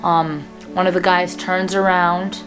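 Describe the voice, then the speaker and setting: A woman's voice: lowish voice, little pitch movement, a little slow, over music. A young woman in her twenties talking to camera in a personal vlog, earnest and plain-spoken with frequent fillers. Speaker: vlogger.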